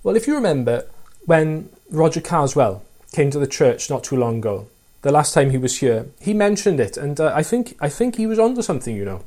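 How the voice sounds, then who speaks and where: A man preaching a sermon in a mellow, warm voice, set a little higher than most men's. He talks earnestly and often puts rhetorical questions to his listeners. Between them he reads passages of scripture aloud. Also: sing-song, fairly quick.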